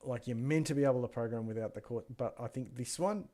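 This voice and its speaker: A fast-talking man with a medium-pitched, dark voice co-hosts a PC deals show over a gaming headset mic. His talk is casual and rambling, full of anecdotes; he's chatty and loose, often trailing off mid-sentence and muttering to himself as he browses.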